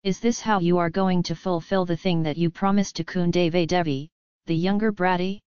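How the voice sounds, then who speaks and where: A woman voicing a wily, sharp-tongued male Vaishnava devotee in an audiobook, with a teasing manner. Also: on the low side, fairly even intonation, normal speed, clear, resonant tone, no echo, dull audio, lightly acted. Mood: reproachful. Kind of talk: audiobook character reading.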